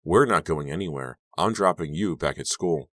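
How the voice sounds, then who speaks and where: A man voicing a frightened, angry teenage girl in an audiobook, snapping and shouting at a boy. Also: deep voice, animated, moderate pace, dry recording, clean studio sound. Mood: curt. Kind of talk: audiobook character voice.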